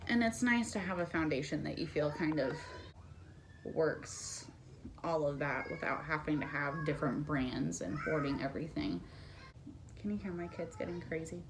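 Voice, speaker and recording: Young woman chatting casually through a makeup tutorial at home, lowish voice, a little background hum. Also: normal speed. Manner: chatty, candid and conversational. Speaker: beauty vlogger.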